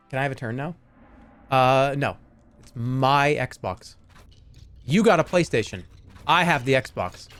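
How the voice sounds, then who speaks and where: A man's voice: mid-range voice, a little hiss or hum. Rambling, joking male streamer. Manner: rambling, joking, reading chat aloud. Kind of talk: casual live-stream chat. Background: faint game music.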